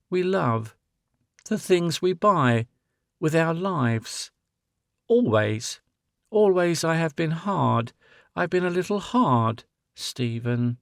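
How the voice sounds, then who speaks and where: A man voicing a grown woman who is tender, sorrowful and resolute, speaking with soft pleading. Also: fairly high pitch, no echo, clean studio sound.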